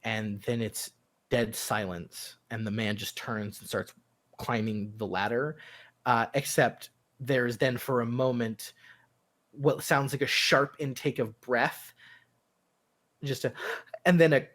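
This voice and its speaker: A man running a tabletop role-playing game as narrator. He talks slowly and haltingly, pausing often with fillers, his voice at a middling pitch. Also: fairly even intonation, fairly bright tone. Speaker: game master.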